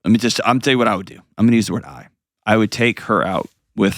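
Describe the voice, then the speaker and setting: A radio show host runs an advice call-in program, sounding earnest and emotional and pausing heavily. His voice sits on the low side and is animated. The recording is studio quality with no echo.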